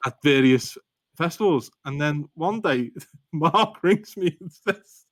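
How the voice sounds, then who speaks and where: A man's voice: on the high side, animated, takes it slowly, long pauses, fairly bright tone, dry recording. A man with a Liverpool Scouse accent, a guest on a podcast, telling stories in a rambling, self-deprecating way and laughing often. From Liverpool, England. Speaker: guest author. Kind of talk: casual storytelling in a podcast interview.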